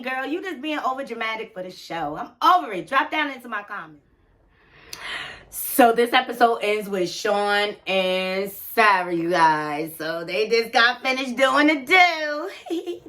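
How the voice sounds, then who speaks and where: Sassy high-voiced woman recapping gossip. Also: bright, forceful tone. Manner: sassy, gossipy, addresses viewers directly. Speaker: reality TV recap vlogger. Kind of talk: casual recap commentary to viewers.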